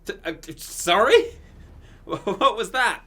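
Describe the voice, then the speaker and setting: A man chatting casually while streaming a video game, rambling and bursting into excited exclamations. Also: high voice, takes it slowly. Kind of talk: casual gaming stream commentary.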